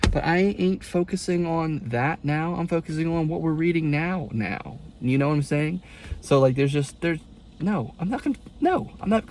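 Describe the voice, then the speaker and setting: A man's voice: medium pitch, creaky, a little mellow, a little hiss or hum. A young man, a college student, rambling in a casual confession vlog, exasperated and full of folksy turns of phrase.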